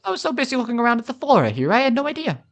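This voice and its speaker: A man voicing an excitable female castaway researcher from a video game, eager and formal. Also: very high voice, very fast, pitched above the performer's own voice, full character voice.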